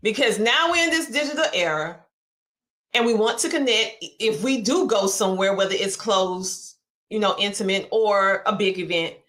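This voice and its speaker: A woman's voice: medium pitch, moderate pace, a bit bright. A woman podcast host asking long, rambling questions in a chatty, casual way. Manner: rambling, chatty, lots of fillers.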